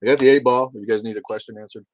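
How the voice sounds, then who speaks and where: A man's voice: medium pitch, steady tone, very fast, darkish tone. A man hosting a livestream, rambling and swearing as he reads chat comments and laughs along. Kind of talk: casual profane livestream chat.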